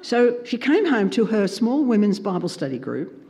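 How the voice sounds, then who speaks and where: A man with an animated storytelling manner, acting out dialogue as a Christian speaker. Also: high voice, moderate pace. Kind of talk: storytelling talk. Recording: long reverb in a hall.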